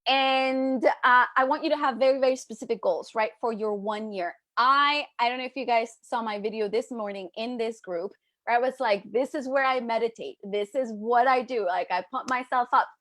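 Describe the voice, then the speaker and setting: Bubbly high-voiced woman business coach. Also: moderate pace, hardly any pauses, dry recording. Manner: energetic, playful, acts out little voices. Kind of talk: live coaching talk to a group.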